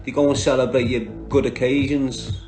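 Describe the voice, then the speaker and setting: A man's voice: mid-range voice, fairly even intonation, normal speed, gravelly, over music. A man with a Liverpool Scouse accent, talking on a livestream, bluntly and combatively answering viewers by name. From Liverpool, England.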